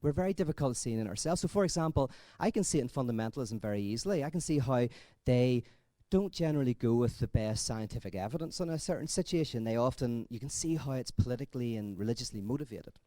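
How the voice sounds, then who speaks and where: A man giving a conference talk in a conversational, thinking-aloud way, telling jokes with lively energy. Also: mid-range voice, fast, few pauses, no echo. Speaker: conference speaker.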